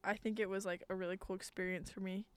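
A young woman talks casually and rambles with lots of fillers, often breaking into giggles. Her voice is smooth and clear, recorded close and dry. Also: mid-range voice, little pitch movement, fast talker, no echo. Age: young adult. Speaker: podcast guest. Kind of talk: casual chat.

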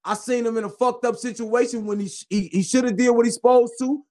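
A caller ranting emphatically on a live stream, at times shouting. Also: male voice, extremely high pitch, steady tone, quick pace. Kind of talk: heated call-in rant.

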